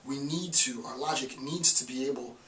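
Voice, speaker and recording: A man gives a philosophy lecture in a loose, talky way, repeating key phrases to drive them home. His voice is bright and forward. It is recorded from some distance in an echoey room with faint hiss behind it. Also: mid-range voice, moderate pace. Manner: conversational, repeats phrases for emphasis.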